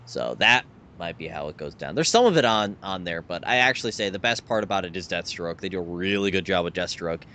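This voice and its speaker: Guy on a podcast, low but bright voice, goes up and down a lot, explains stuff eagerly. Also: a little hiss or hum. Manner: animated, quick to explain and show pictures. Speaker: podcast co-host. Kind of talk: casual chat.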